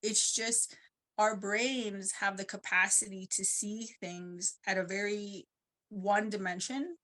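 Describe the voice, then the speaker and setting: A woman's voice: mid-range voice, steady tone, takes it slowly, sharp tone. A woman on a conference panel telling a personal story in a casual, rambling way, often saying 'like'.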